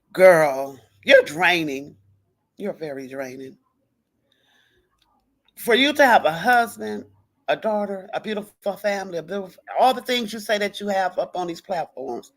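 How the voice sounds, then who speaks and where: A woman hosting a casual livestream, talking straight to her viewers in an animated, profane way. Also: on the low side. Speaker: livestream host. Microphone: computer or phone mic on a live stream.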